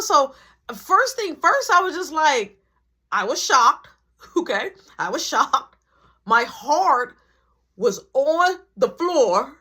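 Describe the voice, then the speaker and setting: A young adult woman telling a story in a storytime vlog, slangy and animated, acting out every part. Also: sits high, slow pace.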